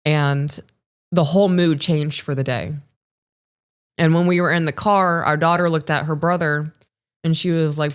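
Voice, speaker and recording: A woman's voice: deep voice, fairly even intonation, normal speed, smooth. A woman in her thirties co-hosting a podcast, telling a personal story in an earnest, reflective way. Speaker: podcast co-host. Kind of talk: casual chat, storytelling.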